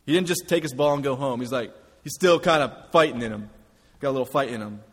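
Husky preaching man in a reverberant hall. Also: medium pitch, fast, fairly bright tone. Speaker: pastor. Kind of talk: sermon.

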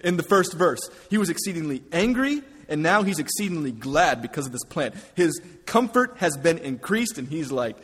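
A man preaching a sermon as a pastor, earnest, often dropping to a hush for emphasis. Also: a little high, big pitch swings, normal speed, hardly any pauses, slightly rough, long reverb tail.

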